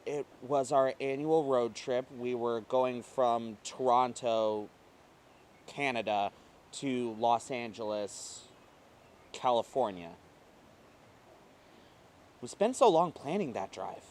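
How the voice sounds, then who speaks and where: A man reading a first-person short story aloud, emotive and swinging between quiet passages and intense ones. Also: mid-range voice, slow, long pauses, a little hiss or hum. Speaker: reader.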